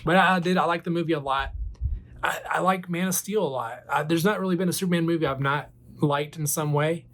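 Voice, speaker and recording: A man in his forties, a toy collector, casually retelling a movie in a rambling way full of fillers and quick character voices. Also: a little high, a bit bright. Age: 40s.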